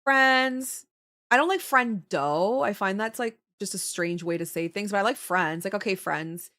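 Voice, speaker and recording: A young woman chats casually on her live stream. Her voice sits at a middle pitch, and she laughs easily. She is animated and talkative as she reacts to her viewers' comments. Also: measured pace. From Canada. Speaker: livestreamer.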